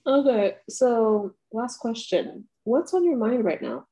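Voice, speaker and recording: A woman interviewing a friend in a relaxed, encouraging way and laughing often. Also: on the high side, takes it slowly, slightly rough. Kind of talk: casual interview chat.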